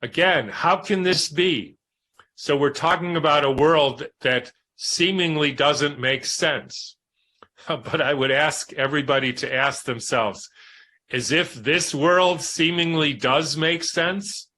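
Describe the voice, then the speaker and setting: A man reading a book aloud in a measured, reflective way, pausing for spoken asides. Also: on the high side, bright, forceful tone. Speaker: reader and commentator.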